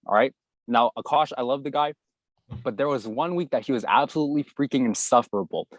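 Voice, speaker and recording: A young man in his twenties telling a school story in a casual, animated way, playing out the voices of the people in it. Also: medium pitch, no room sound. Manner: animated anecdote telling, acts out quoted voices. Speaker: guest YouTuber.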